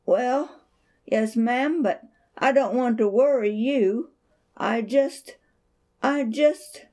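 A woman's voice: a little high, takes it slowly, a little mellow, voice pushed up. A woman voicing a poor, earnest young boy in a read-aloud children's story, speaking in a polite, pleading childlike voice. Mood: earnest, worried.

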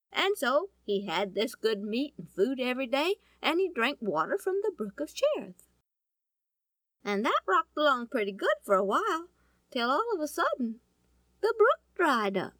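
A woman telling a Bible story in a folksy, animated way, often asking her listeners questions. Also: high-pitched, no room sound. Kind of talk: storytelling to an audience.

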